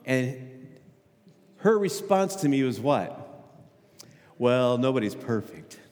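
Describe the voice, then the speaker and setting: A male pastor gives a conversational sermon in a church sanctuary, questioning the congregation and frequently repeating himself. His medium-pitched voice is sing-song, slow, and a little mellow, with long hall reverb in the recording.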